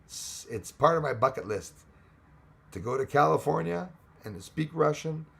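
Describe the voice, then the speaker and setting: Canadian man, gravelly voice, loose jokey stream host reading chat aloud. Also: a little high, expressive, moderate pace, a bit bright. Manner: rambling, jokey, greets viewers by name. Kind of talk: casual live chat.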